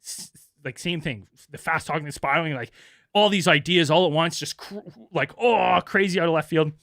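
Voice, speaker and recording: A podcast co-host tells a story in a casual, animated way, swearing freely and putting on high voices for other people. His voice sits a bit high for a man. The sound is dry and close to the mic. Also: normal speed, gravelly, no echo.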